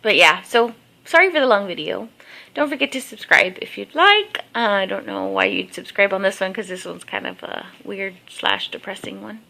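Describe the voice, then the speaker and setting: Bright-voiced woman vlogging casually. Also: mid-range voice, moderate pace, creaky. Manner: rambling storytelling with many fillers. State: just woke up. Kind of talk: casual personal vlog. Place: at home. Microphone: handheld camera.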